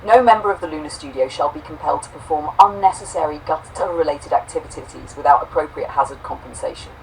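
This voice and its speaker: Woman reading polite robot butler guy, dry and formal, low tone, faint noise behind. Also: fast, far from the mic, low-quality recording. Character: polite dignified male robot executive assistant.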